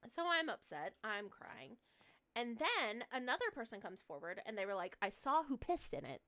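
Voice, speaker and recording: A woman's voice: fairly high pitch, very animated, moderate pace, pushed and bright. A young adult woman streaming a horror game, telling a long story in a casual, chatty way full of fillers and swearing.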